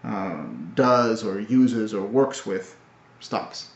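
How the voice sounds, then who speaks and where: A man recapping his language studies in a casual video, talking in a halting, thoughtful way with many fillers and restarts. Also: on the low side, fairly even intonation. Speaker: language learner. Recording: roomy, dull lo-fi audio.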